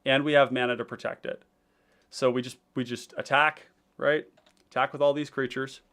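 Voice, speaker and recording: Streaming live at a moderate pace, this man speaks in a typical middle pitch as he hosts a deck-building session. He plays his deck and reads out chat messages casually, wandering through his thoughts with frequent ums and restarts.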